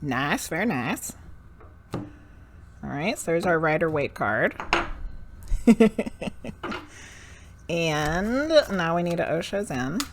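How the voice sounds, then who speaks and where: A woman reading tarot cards live for her viewers, talking in a frank, profane way. Her delivery is slow and unhurried, but her pitch swings widely. She rants, then laughs at herself. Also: animated, background noise. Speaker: medium and tarot reader.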